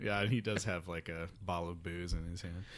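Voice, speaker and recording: A man's voice: low-pitched, steady tone, brisk. A man chatting casually about a movie, laughing often and acting out the characters' lines. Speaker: podcast co-host. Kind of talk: casual movie discussion chat.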